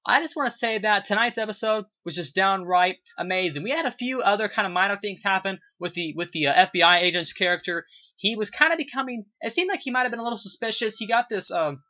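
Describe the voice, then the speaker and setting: Animated and fast, the sharp-toned mid-range voice is recorded in dull lo-fi quality. A video reviewer rambles casually about a TV episode, gushing praise and filling gaps with lots of "you know" and "uh."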